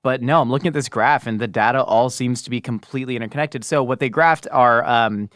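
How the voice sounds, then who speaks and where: A man's voice: medium pitch, brisk, a bit bright, no room sound, clean studio sound. A man co-hosting a podcast in casual chat, explaining eagerly with many stammered restarts. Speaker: podcast co-host.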